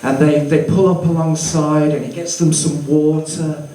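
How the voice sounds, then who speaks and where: Brief: man in his 50s, Birmingham accent, rambling stand-up, unhurried, echoey club, mic at a distance. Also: on the high side, flat delivery, warm tone, a little hiss or hum. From Birmingham, England. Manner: rambling, anecdotal, self-mocking. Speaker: stand-up comedian. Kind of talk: stand-up comedy. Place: small comedy venue. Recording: echoey room, distant mic, faint ambience.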